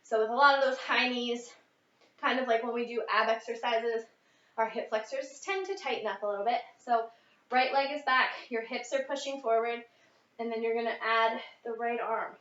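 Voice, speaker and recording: A woman's voice: a little high, steady tone, moderate pace, a bit bright. A young woman leading a workout as a fitness instructor, a little out of breath, counting reps and coaching. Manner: upbeat coaching, counting reps, mid-exercise. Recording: echoey, distant, dull lo-fi.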